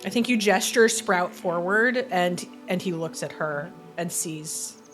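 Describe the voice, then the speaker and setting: A woman's voice: lowish voice, measured pace, a bit bright, soft background music. A woman running a tabletop role-playing game as game master, narrating playfully and often laughing.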